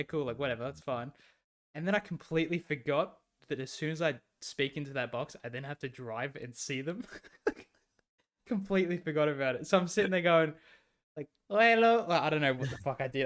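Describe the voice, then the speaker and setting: A podcast co-host with a slightly high, fairly bright voice tells stories in a casual chat, laughing along and swearing freely.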